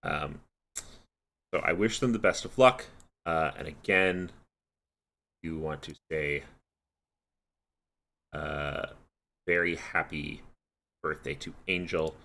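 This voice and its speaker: With a rumbling low voice that's bright and forceful, marked by vocal fry, a slow pace, and long pauses, this man does live esports play-by-play. Afterward he chats wearily and casually with his co-caster, yawning and sounding tired.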